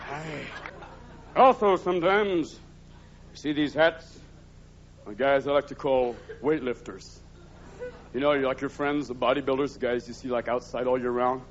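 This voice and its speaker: A man performing high-energy stand-up comedy, switching between impressions and shouted bits. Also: normal speed, slight background noise. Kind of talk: stand-up comedy with rapid character voices. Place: large live theater with audience. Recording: dull live 1983 recording with loud crowd.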